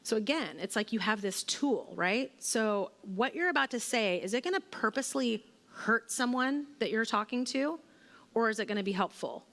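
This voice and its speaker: A woman's voice: on the high side, moderate pace, fairly bright tone. A woman in her forties giving a church teaching talk to women, conversational and relatable, with personal stories and fillers. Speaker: women's ministry speaker. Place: church hall. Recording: long hall reverb.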